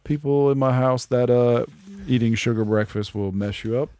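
A man's voice: medium pitch, normal speed, warm tone, no room sound. A man in his thirties co-hosting a podcast, joking crudely and swearing often in casual chat. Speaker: podcast co-host.

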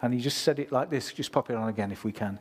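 A fast-talking man with a mid-range voice preaches a sermon conversationally, addressing the congregation directly. He reads scripture and puts questions to his listeners.

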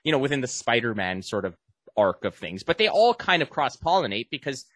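Man co-host, rambling jokey chat, mid pitch, dry sound. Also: sing-song, brisk, a bit bright, no room sound. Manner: loose, rambling, jokey comparisons. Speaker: podcast co-host. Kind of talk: casual chat.

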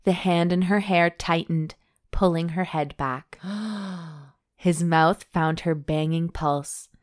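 A woman's voice: sits low, level tone, slow pace, smooth. A woman co-hosting a chat show, reading a romance novel aloud with wry asides and frequent laughter. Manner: wry, giggly, breaks into laughter. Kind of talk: dramatic reading mixed with casual chat.

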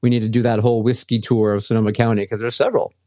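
A man co-hosting a casual podcast from a home basement, relaxed and easygoing, with frequent fillers and laughs. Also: mid-range voice, racing, no echo, clean studio sound. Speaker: podcast co-host. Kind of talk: casual chat.

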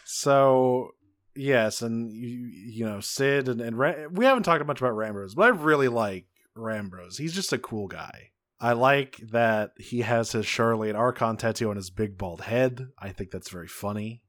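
A man's voice: medium pitch, measured pace, fairly bright tone. A man co-hosting a podcast, recapping a game story in a laid-back, joking way and leaning on "you know". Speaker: podcast co-host. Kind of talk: casual recap chat.

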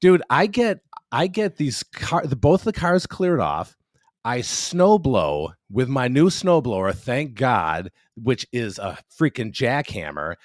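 A man's voice: mid-range voice, slow pace, dry recording, studio quality. A man in his fifties on a casual podcast chat, telling a long story, swearing freely and acting out what people said. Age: 50s. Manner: profane, animated storyteller acting out quotes. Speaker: podcast co-host.

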